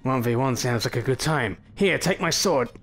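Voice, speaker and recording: A young man giving excitable gameplay commentary, full of swearing and mock threats. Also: mid-range voice, moderate pace, faint music behind. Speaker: gaming YouTuber.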